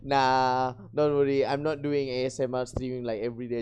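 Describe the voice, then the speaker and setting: A young adult VTuber streamer from Malaysia, chatting casually and getting flustered, often breaking into high laughter. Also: little pitch movement, fairly quick, hardly any pauses, darkish tone, smooth. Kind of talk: casual live-stream chat.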